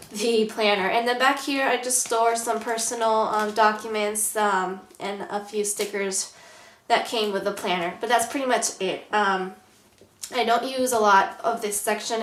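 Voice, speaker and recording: A woman's voice: a little high, echoey room. A woman with a nasal, stuffy voice, chatting casually with many ums as she shows her planner in a vlog. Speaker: planner vlogger. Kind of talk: casual show-and-tell vlog.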